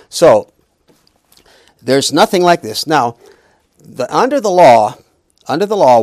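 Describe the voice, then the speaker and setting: A man's voice: mid-range voice, a little mellow, no echo, clean studio sound. A middle-aged man teaching a Bible lesson in an emphatic preaching style, with humorous asides.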